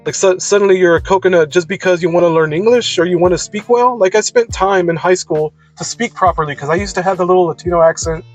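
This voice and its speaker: A man with a slightly high-pitched voice talks off the cuff, blunt and emphatic, with plenty of profanity. Faint music plays quietly underneath him. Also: quick pace, hardly any pauses, rough recording. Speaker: video creator. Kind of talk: unscripted personal monologue.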